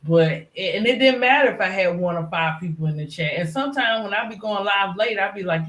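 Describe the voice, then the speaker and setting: A woman's voice: mid-range voice, lively intonation, brisk, few pauses, fairly bright tone. A middle-aged woman chatting casually as a live-stream panelist, rambling with lots of "you know" fillers. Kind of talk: casual chat. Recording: echoey room.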